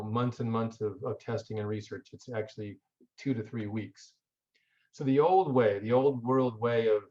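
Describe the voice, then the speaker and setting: A man lectures in an easygoing, conversational manner, repeating words as he thinks and asking the audience rhetorical questions. His voice sits at an ordinary middle pitch. The recording is a bit dull and lo-fi. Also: a little mellow. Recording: dull lo-fi audio.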